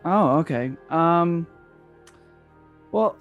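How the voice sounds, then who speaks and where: Slow, hesitant tabletop player, faint music behind. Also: medium pitch, expressive, phone-quality sound. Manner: hesitant, unhurried questions. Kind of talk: casual tabletop play.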